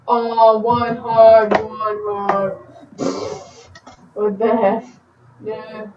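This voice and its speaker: A woman giving casual game commentary as a channel host. She gets excitable and repeats words in quick bursts. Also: medium pitch, slight background noise. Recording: echoey, distant, muffled home recording.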